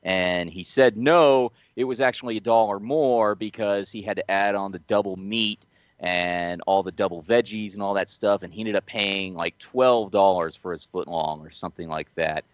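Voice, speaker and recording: Low-voiced man telling rambling stories. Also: normal speed, no room sound, highs cut off. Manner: rambling anecdotes, frequent restarts and laughs. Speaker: podcast co-host. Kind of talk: casual storytelling chat.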